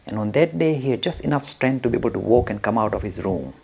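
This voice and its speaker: A man's voice: medium pitch, animated, quick pace, creaky, darkish tone, husky. A man giving a storytelling lecture, acting out the quoted speech and laughing often.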